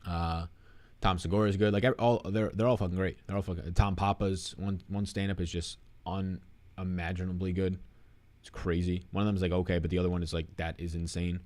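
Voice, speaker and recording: A man's voice: low voice, normal speed, long pauses, a little mellow. A young man hosting a live stream, casually answering chat questions in a rambling, swearing, off-the-cuff way.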